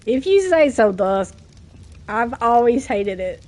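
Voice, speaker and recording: A woman with a Southern US accent, chatting casually while streaming a game, getting over a cough, self-deprecating and quick to laugh. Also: on the high side, very animated, darkish tone. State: coughing from a cold.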